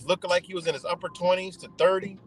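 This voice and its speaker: Profane, animated man telling a story. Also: high voice, quick pace, music in the background. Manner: profane, animated, acts out the other people's lines. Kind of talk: casual storytelling. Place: in a car while driving.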